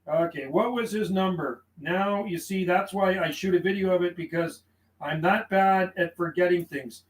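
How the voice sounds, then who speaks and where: A man's voice: high voice, moderate pace, a little hiss or hum. Friendly radio operator man, roomy sound. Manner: friendly, uses radio call signs and codes. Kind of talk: casual radio call and logging chat.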